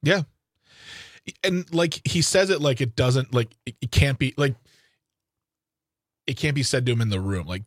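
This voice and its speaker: A man's voice: mid-range voice, normal speed, long pauses, dry recording. A man on a studio talk show makes his case with energy, circling back over his points. The sound is close and dry. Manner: animated, argumentative, many "like" fillers. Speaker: radio show co-host. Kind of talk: casual talk radio. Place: radio studio.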